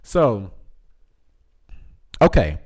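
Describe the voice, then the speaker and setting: Laid-back man hosting a slow livestream. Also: fairly low pitch, sing-song, darkish tone, husky. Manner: laid-back, laughs often, teasing. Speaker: livestream host reading chat. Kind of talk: casual livestream chat.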